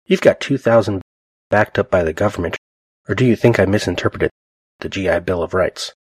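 Brief: man playing a defiant veteran loan manager, firm, deep husky voice. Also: fairly quick, no echo. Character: stubborn male bank manager, a veteran.

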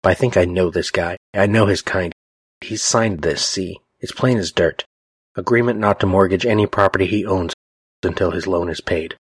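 A man's voice: low voice, normal speed, husky, dry recording. Man voicing a stubborn veteran banker. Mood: firm. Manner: firm, defiant. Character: stubborn male bank manager, a veteran.

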